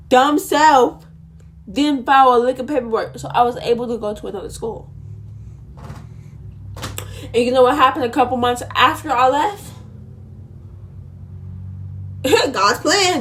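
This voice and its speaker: A young woman telling a storytime vlog in an indignant, sassy way, with asides to her viewers. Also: high-pitched. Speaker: vlogger.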